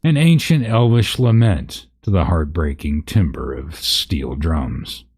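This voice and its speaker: A man's voice: deep voice, lively intonation, slow, darkish tone, breathy edge. A man reading a parody fantasy story aloud, breaking into laughs and profane asides.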